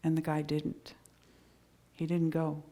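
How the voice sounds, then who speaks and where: A woman's voice: deep voice, monotone, slow, warm tone. A middle-aged woman minister giving a sermon, in an earnest, conversational storytelling way with frequent restarts.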